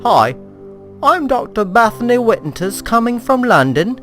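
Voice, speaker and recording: A man voicing a confident woman doctor in a loud, brisk falsetto. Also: very animated, faint music behind, exaggerated voice.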